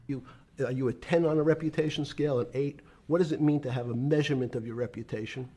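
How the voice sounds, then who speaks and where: Brief: older man with a husky, dark voice telling slow business anecdotes. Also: mid-range voice, steady tone. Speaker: interviewee in a played clip. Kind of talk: reminiscing storytelling.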